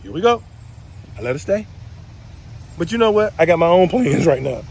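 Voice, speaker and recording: A man casually telling viewers a story, animated and swearing freely, swinging between loud and low. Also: moderate pace, vocal fry, slightly rough. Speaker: spiritual video creator.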